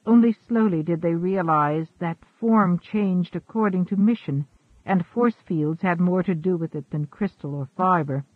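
A man reading a science fiction story aloud as an audiobook narrator, in a measured way, lightly voicing the characters. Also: sits high, no echo. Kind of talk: scripted narration. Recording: tinny phone-like sound.

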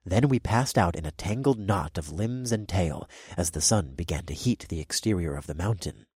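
Man, audiobook narrator, deep voice, lively pitch, dry close recording. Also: normal speed, slightly rough, dry recording. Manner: expressive, lively storytelling. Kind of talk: first-person fantasy audiobook narration.

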